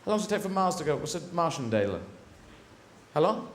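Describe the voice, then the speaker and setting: On a large theatre stage, a stand-up comedian delivers a rambling, digressive routine, often correcting himself, while audience laughter echoes through the hall. His voice sits on the high side, sing-song and fast, with a little hiss or hum in the audio.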